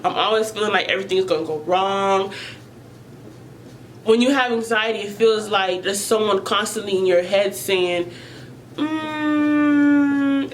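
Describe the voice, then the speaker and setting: Woman, vlogger, earnest, emotional, repeats herself, mid pitch, faint ambience. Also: slight background noise, rough recording. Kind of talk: personal vlog about mental health.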